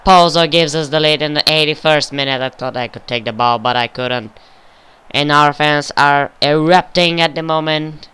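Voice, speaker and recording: A man's voice: a little high, normal speed, clear, resonant tone. Young man swearing through game commentary. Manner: swears often, flares up with frustration and excitement. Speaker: gaming video creator. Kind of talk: casual gameplay commentary.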